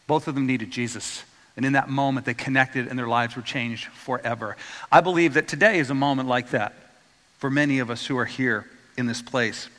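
A man preaching a sermon as a pastor, retelling stories in a lively way and getting the congregation to say words back to him. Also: medium pitch, a little fast. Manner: storytelling, acts out quoted voices, asks congregation to repeat words. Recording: long hall reverb.

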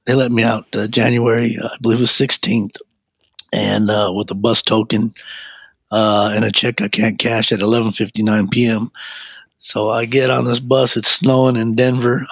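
A husky-voiced man tells his own story in a halting, rambling way, often stalling on fillers. His voice sits at an ordinary pitch, and it is recorded close and dry. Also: no room sound. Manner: halting, with many fillers and restarts. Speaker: speaker giving a personal testimony.

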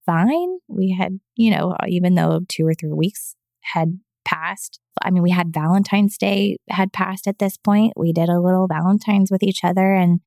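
A woman's voice: fairly low pitch, normal speed, vocal fry, few pauses, a little mellow, no echo, clean studio sound. A woman telling her personal story as a podcast guest, speaking earnestly and with emotion. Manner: acts out quoted voices. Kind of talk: personal testimony in an interview.

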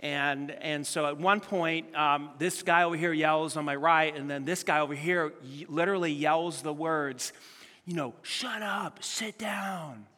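A man's voice: a little high, moderate pace. A middle-aged man preaching a sermon as a pastor, telling stories with animation and acting out what people said. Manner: animated storytelling, acts out quotes. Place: large church hall. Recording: long hall reverb.

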